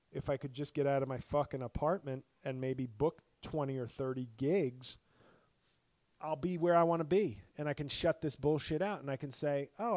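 A middle-aged male comedian with a hoarse, worn voice, talking in a profane, passionate solo podcast rant full of restarts. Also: a little high, a little mellow, no echo. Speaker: stand-up comedian and podcast host. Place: apartment.

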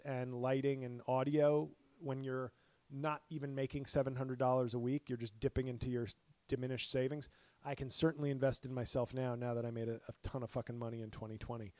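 Hoarse middle-aged comic, solo podcast rant, profane and fired up, dry close sound. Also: male voice, mid-range voice, darkish tone, no room sound. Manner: profane, passionate ranting with frequent restarts. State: hoarse, voice worn from talking. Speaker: stand-up comedian and podcast host. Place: apartment.

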